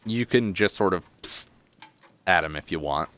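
A man narrating a tabletop game as game master, relaxed and descriptive. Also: deep voice, normal speed.

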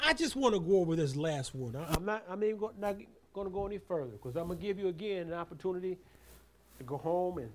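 High-voiced man leading bible study. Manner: preacherly, rising and falling emphasis, call-and-response; repeats and restarts words.

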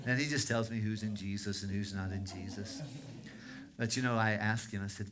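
A man's voice: fairly low pitch, steady tone, moderate pace, fairly bright tone. A man preaching a sermon as a pastor, in a conversational storytelling manner that circles back on itself. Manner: conversational storytelling, with frequent restarts.

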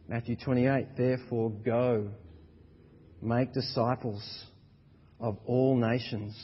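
A man preaching a sermon as pastor, swinging between loud, emphatic exhortation and quiet, low passages. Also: fairly even intonation, takes it slowly, long pauses, slightly rough. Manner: builds to loud, high-pitched emphatic preaching, then drops quiet. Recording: dull sound with long reverb in a large hall.

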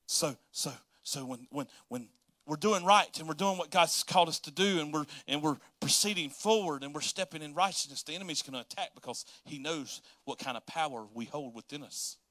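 Bright-voiced, joking preacher. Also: male voice, on the high side, a little fast, no echo, studio quality. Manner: casual, joking, repeats words as he restarts. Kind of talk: sermon.

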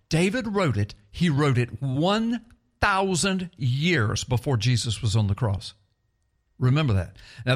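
A man, a pastor hosting a radio program, teaching scripture in an earnest, animated way with frequent restarts. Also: on the high side.

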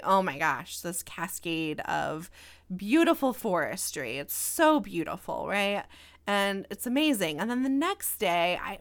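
Slow, chatty woman podcast host. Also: medium pitch, a bit bright. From American Midwest. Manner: chatty, reflective, with many "you know" and "right?" asides. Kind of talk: casual solo podcast talk.

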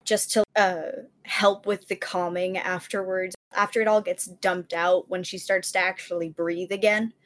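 A woman playing a tabletop game, describing what her character does in a quick, matter-of-fact way. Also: on the low side, flat delivery. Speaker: player.

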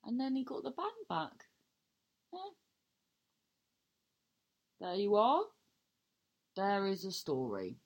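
A woman, a comedian hosting her own podcast, improvises a silly story in a casual solo chat, with lots of restarts, free swearing, and self-mocking humour. Her medium-pitched voice is very animated yet slow, with long pauses, and the recording is muffled.

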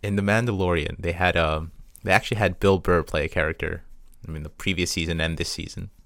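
Very low voice, young man, relaxed casual chat, dry sound. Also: fast talker, gravelly, no echo.

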